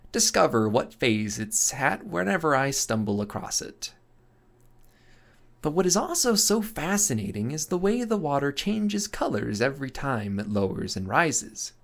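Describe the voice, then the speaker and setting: A man voicing a dreamy painter in whispered role-play, soft and full of wonder. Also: mid-range voice, gravelly. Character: dreamy painter writing a letter, gentle and wondering.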